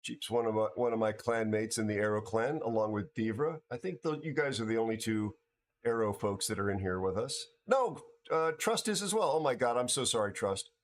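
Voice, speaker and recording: Tired, halting man chatting. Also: lowish voice, steady tone. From United States. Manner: halting, repeats words and restarts often. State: tired from no sleep. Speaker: livestream host. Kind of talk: casual chat with viewers.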